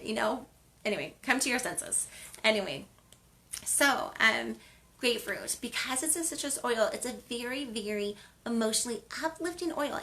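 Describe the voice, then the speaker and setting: A woman's voice: on the high side, sharp tone. A woman from the western United States hosting a wellness video series, chatting casually and rambling with lots of fillers. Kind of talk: casual chat.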